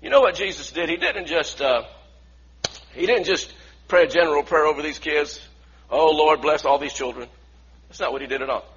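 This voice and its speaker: A man preaching a sermon, swinging from loud, emphatic bursts to quiet, intense passages. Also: fairly high pitch, lively intonation, a little fast, husky. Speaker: pastor. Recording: slightly dull lo-fi sound.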